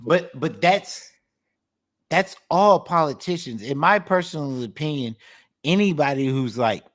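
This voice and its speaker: A man's voice: a little high, expressive, unhurried. A man co-hosting a casual podcast, talking bluntly and profanely with emphasis. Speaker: podcast co-host. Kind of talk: casual chat.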